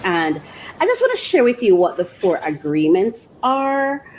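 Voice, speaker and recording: A woman hosting a faith podcast, talking casually and emotionally, laughing often and slowing down when she reads aloud. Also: medium pitch, slight background noise, poor audio. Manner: emotional and expressive, laughs often, restarts sentences; slows down when reading aloud. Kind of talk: casual reflective monologue.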